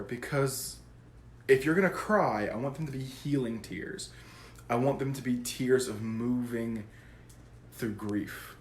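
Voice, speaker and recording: A man who works as a psychic medium, explaining his work to camera in a goofy, animated way. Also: mid-range voice, reverberant, a little hiss or hum. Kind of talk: casual talk to camera.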